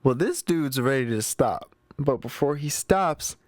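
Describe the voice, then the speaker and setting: Speaking a little slowly with lively intonation, a man recaps the plot on his movie show in a chatty, slangy way, talking straight to the audience. His voice sits at medium pitch, with no echo.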